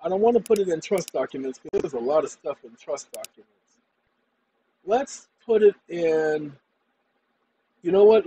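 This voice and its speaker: A tired man rambling through a casual computer tutorial, often addressing "ladies and gentlemen". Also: high-pitched, a little hiss or hum, poor audio. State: tired after a long day. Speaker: channel host. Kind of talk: casual screen-share tutorial and monologue.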